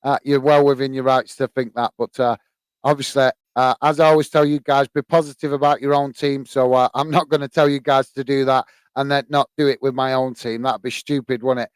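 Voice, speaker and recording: A man's voice: medium pitch, level tone, brisk, clean tone, no room sound. Chatty man hosting a match watch-along. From England. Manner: chatty, many fillers, bursts into shouts at goals. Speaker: host of a football watch-along stream. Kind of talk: live match commentary and chat.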